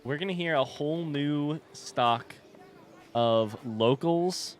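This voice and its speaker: A man's voice: on the high side, slow pace, soft background music. A young man commenting casually on a game he plays, giggly and rambling, tired late at night. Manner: giggly, rambling, self-deprecating. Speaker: let's play host.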